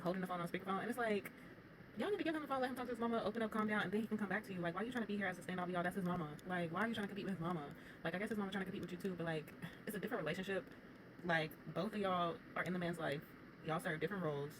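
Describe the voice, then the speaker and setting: A woman's voice: medium pitch, rapid-fire, background noise. A woman giving casual, opinionated commentary as she recaps a reality show, talking straight to her viewers.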